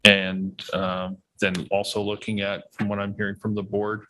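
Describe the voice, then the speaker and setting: Guy running a town meeting, lowish voice, ums and restarts, bit of hiss behind. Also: monotone, moderate pace, bright, forceful tone, rough recording. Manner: hesitant, with fillers and restarts. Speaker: meeting chair. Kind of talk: chairing a town board meeting.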